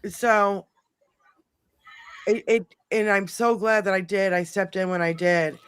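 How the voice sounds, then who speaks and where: A middle-aged woman hosting a podcast, telling a long story in a casual, animated way, swearing freely and rambling. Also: lowish voice, measured pace, clear, resonant tone, no room sound. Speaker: podcast host.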